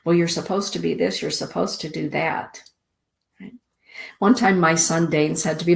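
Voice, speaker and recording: A middle-aged woman hosting a spiritual show, reading oracle cards aloud in a soothing, deliberate way. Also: low-pitched, fairly even intonation, creaky. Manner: slow, soothing, deliberate delivery with drawn-out words. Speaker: host giving oracle card readings.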